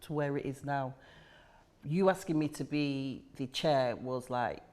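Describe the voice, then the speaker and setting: A woman's voice: rumbling low, unhurried, darkish tone. A woman, the chair of a charity, talking reflectively in a podcast conversation and repeating key phrases for emphasis.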